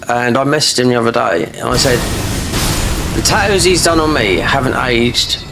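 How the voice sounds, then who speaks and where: A man's voice: medium pitch, normal speed, noisy background. A man with a South London accent chatting casually while he plays a game, rambling from one thought to the next with lots of "you know" and restarts. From London, England. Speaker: gaming streamer.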